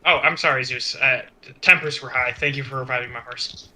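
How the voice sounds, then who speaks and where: A man's voice: medium pitch, fairly even intonation, a little fast, crowd noise, low-quality recording. A man from Kansas chatting casually with friends during a game, teasing and bantering. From southwest Kansas, US. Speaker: co-player. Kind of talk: casual chat while gaming.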